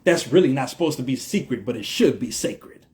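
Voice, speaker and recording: A man's voice: mid-range voice, lively intonation, brisk, a little mellow. A man from the United States giving an emphatic, repetitive spiritual monologue in a vlog, in slangy speech with a preacher-like cadence. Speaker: vlogger.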